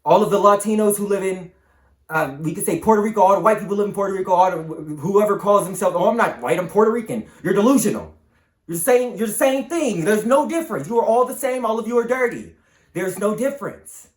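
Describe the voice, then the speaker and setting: A man's voice: sits high, a little fast, roomy sound. A man hosting his channel, delivering an emphatic, repetitive, preaching monologue to the camera. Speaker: channel host.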